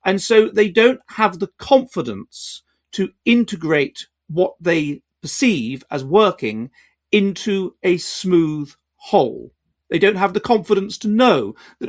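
A man hosting an educational video, explaining in a measured, lecturing way with restarts and quiet asides. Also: sits high, lively intonation. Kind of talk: explanatory talk to camera.

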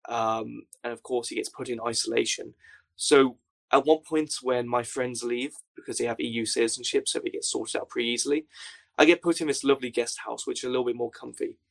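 A young man telling wry, animated stories as an interview guest. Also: medium pitch, a little fast, gravelly. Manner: wry, animated storyteller who acts out quotes. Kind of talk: casual storytelling.

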